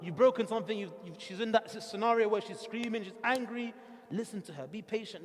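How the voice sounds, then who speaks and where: Fast, high-voiced man preaching in a hall. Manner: conversational, joking, mixes in Arabic phrases. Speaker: imam giving a talk. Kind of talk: mosque talk on marriage. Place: large mosque hall. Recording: long hall reverb.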